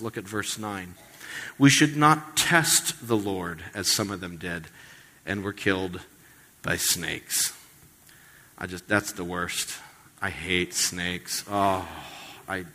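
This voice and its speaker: Male pastor, bright forceful voice, conversational joking sermon, long hall reverb. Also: lowish voice.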